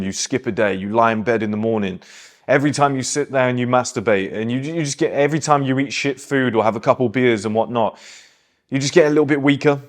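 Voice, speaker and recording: Blunt, preachy man. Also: medium pitch. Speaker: host. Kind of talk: motivational monologue.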